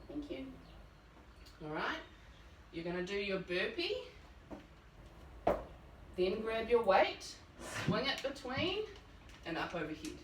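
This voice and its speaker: A woman's voice: mid-range voice, very animated, slow, long pauses, echoey room, distant mic, background noise. A woman fitness coach at home, talking through workout moves while she demonstrates them. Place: home room.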